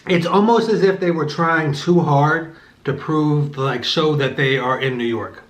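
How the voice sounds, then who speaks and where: A man's voice: fairly high pitch, a little slow. Rambling man in an echoey room. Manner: rambling, with many fillers and self-corrections; eating between remarks. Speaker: vlogger reviewing a movie while eating. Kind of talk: casual chat.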